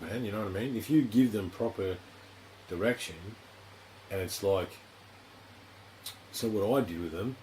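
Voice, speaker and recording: A man's voice: low voice, a little mellow, a little hiss or hum, rough recording. An Australian man hosting a podcast in a studio, talking in a rambling, frank way with plenty of swearing and filler phrases. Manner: rambling, frank, heavy swearing, constant "you know". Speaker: podcast host. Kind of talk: casual interview chat.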